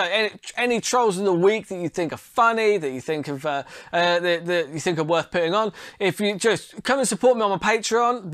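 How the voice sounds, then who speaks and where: A man's voice: high-pitched, a bit bright, clear, resonant tone, no room sound, clean studio sound. A man hosting a podcast in casual chat, loose and rambling, swearing and laughing often. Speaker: podcast host.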